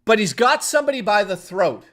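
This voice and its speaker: Young man from Toronto, casual streamer storyteller, voice sitting a bit high, swearing freely and rambling with restarts. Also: very animated, fairly quick, a bit bright.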